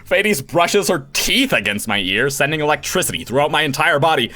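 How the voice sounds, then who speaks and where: A man voice-acting a game playthrough, reading lines theatrically and breaking into laughs and shouts. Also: on the high side, lively intonation, brisk. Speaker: voice actor playing a visual novel. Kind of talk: acted game reading with reactions.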